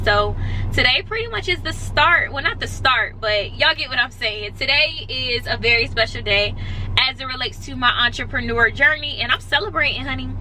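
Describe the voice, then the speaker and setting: A woman talks casually to her viewers from a moving car. Her voice sits a little high and she sounds close to tears. Traffic noise is clearly heard behind her. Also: bright, forceful tone, poor audio. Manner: chatty, emotional, addresses viewers as y'all. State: near tears. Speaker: vlogger. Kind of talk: casual vlog chat.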